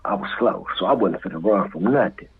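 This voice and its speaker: A man with a Los Angeles accent telling a street story as a guest, acting out voices and sound effects and dropping to whispers, with a very husky voice. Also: sits low, lively intonation, a little fast. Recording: tinny phone-like line.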